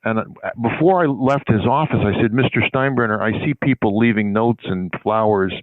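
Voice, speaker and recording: An older man with a somewhat low voice tells a long, rambling story and slips into the voices of the people in it. He comes through a thin, phone-like line with no room sound at all. His delivery is chatty and full of restarts. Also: normal speed, no room sound. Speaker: sports public relations guest. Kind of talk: conversational anecdote telling. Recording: tinny phone-line audio, dry.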